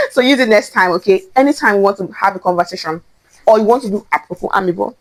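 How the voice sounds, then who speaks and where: A young woman with a Nigerian accent hosting a casual teaching chat, excitable and playful, repeating phrases for emphasis. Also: mid-range voice, very fast. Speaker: host.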